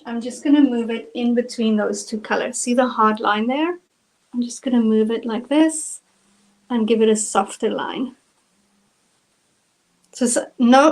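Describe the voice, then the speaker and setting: A woman's voice: a little high, a little slow, poor audio. A woman from South Africa with a South African accent, chatting through a live acrylic painting tutorial step by step. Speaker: painting instructor.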